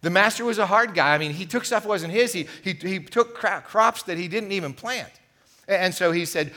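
Middle-aged male pastor, slightly high and bright tone, animated sermon storyteller. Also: normal speed. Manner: animated storytelling, acting out the parable's voices. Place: church sanctuary.

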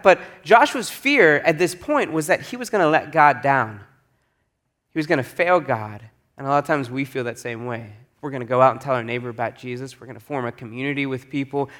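A man's voice: fairly high pitch, fairly bright tone. A male pastor giving a sermon in a casual, conversational way, repeating key phrases for emphasis.

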